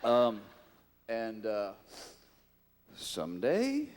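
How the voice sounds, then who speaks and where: A middle-aged man tells a story on stage at a fan convention, his voice lively and swooping up and down as he acts out the people in it. The sound carries a long reverb from the big hall. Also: mid-range voice, very slow, a little hiss or hum. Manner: animated, mimics voices in his anecdote. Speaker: convention guest actor.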